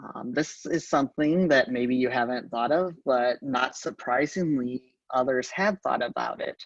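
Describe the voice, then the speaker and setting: A man with a gravelly voice gives a calm, halting conference talk, often pausing with ums. The sound is dry, distant from the microphone and dull, like a lo-fi event recording. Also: medium pitch, no echo. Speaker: conference speaker.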